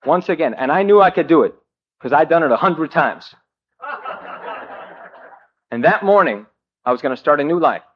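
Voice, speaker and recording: Man, wry recovery talk, self-mocking, halting, slightly high voice, dull old tape. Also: animated. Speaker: speaker at a recovery meeting. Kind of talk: personal recovery story told to a group.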